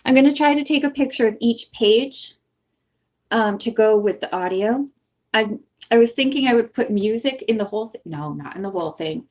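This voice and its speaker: A woman's voice: fairly high pitch, expressive, normal speed, darkish tone. A woman hosting a book-reading channel, chatting casually and rambling to her viewers and laughing at herself. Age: young adult or older, has owned a bookmark since the nineties. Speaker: channel host who reads books aloud.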